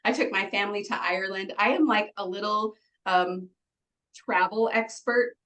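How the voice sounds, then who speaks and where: A woman's voice: mid-range voice, normal speed, fairly bright tone, rough recording. A woman guest on an interview, bubbly and chatty, giggling often and filling with "like" and "um.". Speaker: guest, retreat organizer. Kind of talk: conversational interview.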